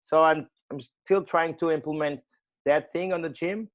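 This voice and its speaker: A male host whose first language is Portuguese, speaking English haltingly and searching for words. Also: a little high, steady tone, lo-fi sound. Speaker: gym owner and show host. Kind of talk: conversational interview.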